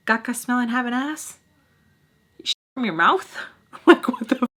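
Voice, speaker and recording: A young woman telling a casual storytime vlog, animated and profane, acting out quotes in other voices. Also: on the high side, normal speed. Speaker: storytime vlogger.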